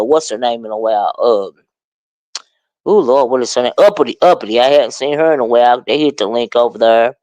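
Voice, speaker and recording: A woman hosting a live commentary stream, chatting casually and excitedly with her viewers, calling out their names and sprinkling in "child" and "honey.". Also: lowish voice, no room sound, rough recording. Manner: chatty, animated, greets chat viewers by name; exclamatory, with drawn-out "child" and "honey". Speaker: livestream commentary host.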